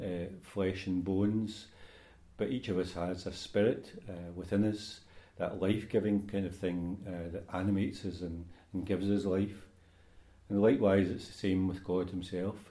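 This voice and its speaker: Priest, male, low mellow voice, measured liturgical reading and homily, roomy church. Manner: measured, unhurried delivery with fillers in homily.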